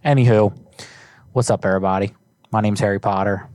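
A man's voice: on the low side, fairly even intonation, fairly quick, a little mellow, no room sound. A man hosting a live-streamed prank call show, chatting loosely with lots of swearing and fillers. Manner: loose, profane, rambling with fillers. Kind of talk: casual live-stream chat.

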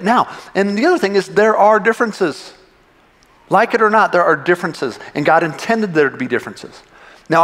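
A man's voice: fairly high pitch, a bit bright. A man preaching a sermon in a church, impassioned and emphatic, often repeating and restarting his phrases. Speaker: pastor. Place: church sanctuary. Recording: long reverb of a large hall.

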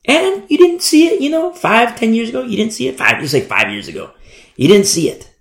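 A man preaching, voicing a gentle male messenger who softly coaxes a lost young woman. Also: mid-range voice, sing-song, a little fast. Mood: coaxing. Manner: coaxing, soft, pleading. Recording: echoey room.

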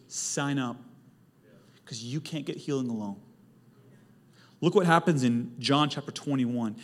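A male pastor delivering a lively sermon, swinging from quiet, intimate stretches to loud, emphatic peaks. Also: medium pitch. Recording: long hall reverb, faint music.

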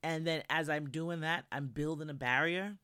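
A woman's voice: low voice, steady tone, moderate pace, sharp tone, smooth, no echo. Podcast host: a New woman, candid and profane, talking straight to the listener in a dry, dead room. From New York. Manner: blunt and profane, candid storytelling. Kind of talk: casual monologue.

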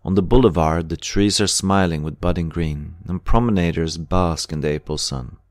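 Male audiobook narrator, deep voice, dry close sound, measured read. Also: no echo. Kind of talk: scripted narration.

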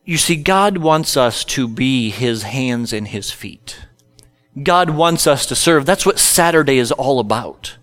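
A man's voice: medium pitch, animated, unhurried, fairly bright tone. A middle-aged male pastor telling a humorous personal story in a sermon, self-deprecating and conversational.

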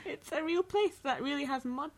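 A woman's voice: high voice, moderate pace, creaky. A woman from the UK co-hosting a podcast, chatting casually with a playful, giggly manner. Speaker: podcast co-host. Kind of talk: casual chat.

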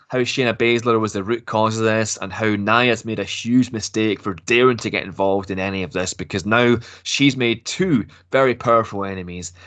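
A man's voice: mid-range voice, a bit bright. A man from Glasgow, speaking without a Scottish accent, casually recapping a wrestling storyline with jokes, swearing and laughs. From Glasgow, Scotland. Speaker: podcast host recapping wrestling.

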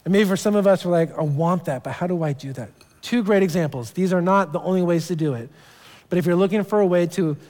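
Casual higher-voiced pastor in reverberant church. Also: male voice, mellow. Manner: casual storytelling with repeated restarts. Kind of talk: sermon. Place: church sanctuary. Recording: long church hall reverb.

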